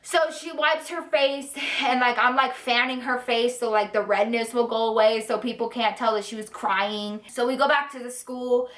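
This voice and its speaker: Young woman, casual storytime, swears a lot, fairly high voice, echoey room. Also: moderate pace, few pauses. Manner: animated, profane, chatty. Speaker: vlogger.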